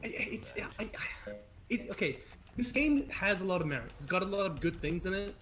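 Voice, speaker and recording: A man's voice: high-pitched, expressive, fairly quick, a bit bright, rough recording. A man chatting casually on a gaming stream, rambling and swearing with many restarts.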